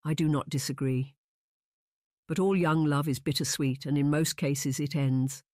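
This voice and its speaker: A fretful, kindly gentlewoman urging her friend to move on, as read by an audiobook narrator. Her tone is earnest and coaxing, in a mid-range voice recorded close and dry. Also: medium pitch, steady tone, normal speed, no room sound, lightly acted. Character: anxious, well-meaning female friend. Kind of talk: audiobook character reading.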